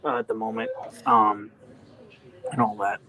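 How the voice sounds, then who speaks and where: A man's voice: on the low side, little pitch movement, measured pace, pushed and bright, low-quality recording. Rambling man telling a story. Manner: rambling storyteller with many fillers. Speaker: podcast co-host. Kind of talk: casual chat.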